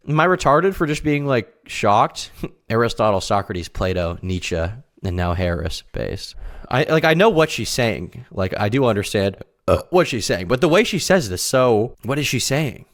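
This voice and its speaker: A young man reacting to clips on a live stream, sarcastic and jumping into loud, incredulous yelps. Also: mid-range voice, big pitch swings, fairly quick. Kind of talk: casual reaction stream commentary.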